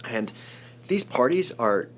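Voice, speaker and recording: A man in his forties from Chicago, a screenwriter telling an emotional story in an interview, animated and rambling with many restarts. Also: medium pitch, takes it slowly, slight background noise. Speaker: screenwriter guest.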